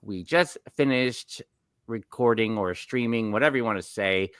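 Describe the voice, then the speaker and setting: Speaking on the low side at a moderate pace, a fortyish New Yorker co-hosts a casual theme park podcast in a fairly bright, smooth voice. He rambles through stories and keeps correcting himself as he goes, on a dry recording.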